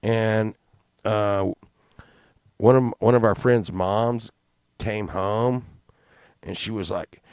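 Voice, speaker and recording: A man's voice: lowish voice, fairly even intonation, slow, pauses often, a little mellow, clean tone, no echo, clean studio sound. A man telling a crude comic story in a rambling, profane, casual way, laughing along. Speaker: podcast host.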